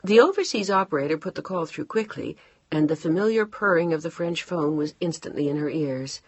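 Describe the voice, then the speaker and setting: Husky-voiced woman narrating an audiobook. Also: low-pitched, a little fast, dry recording, highs cut off. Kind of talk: scripted narration.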